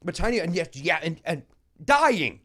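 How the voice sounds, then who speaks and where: A man's voice: a little high, normal speed. Guy on a comedy podcast telling a story, acts out everyone's lines, voice jumps up and down a lot. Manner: animated storyteller, acts out both sides of a quarrel. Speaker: podcast host. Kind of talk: casual comedy podcast chat.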